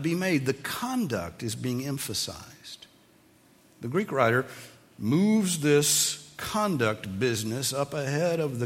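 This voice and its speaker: A man gives a sermon as pastor, animatedly teaching and firing emphatic questions at those listening. His voice leans high, with a long reverb tail behind it.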